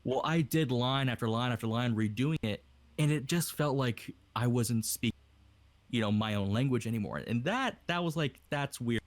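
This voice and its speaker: A man's voice: mid-range voice, lively intonation, moderate pace, dry recording. A young man from Hawaii, an aspiring voice actor, chatting casually in a rambling way over a voice call. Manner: rambling, casual, with many fillers. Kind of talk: casual podcast chat.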